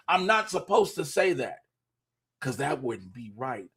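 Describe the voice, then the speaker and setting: Husky, high-voiced man ranting profanely. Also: animated, normal speed, fairly bright tone. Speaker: podcast co-host, comedian. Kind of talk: heated casual chat. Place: home apartment, at his camera.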